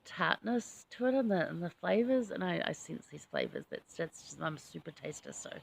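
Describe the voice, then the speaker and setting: A woman's voice: lowish voice, lively intonation, moderate pace, creaky. A woman hosting a casual scripture study chat, talking in a chatty, enthusiastic way with personal asides. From New Zealand. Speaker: host.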